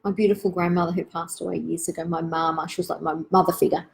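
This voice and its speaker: A woman, hosting a live online Q&A for parents in a gentle, reflective, chatty way with many asides. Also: fairly low pitch, little pitch movement, quick pace, creaky, a little hiss or hum, rough recording.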